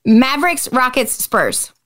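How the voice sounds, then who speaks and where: A woman hosting a casual chat, firing off quick questions in an upbeat, teasing way. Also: high-pitched, sing-song, fairly bright tone. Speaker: host.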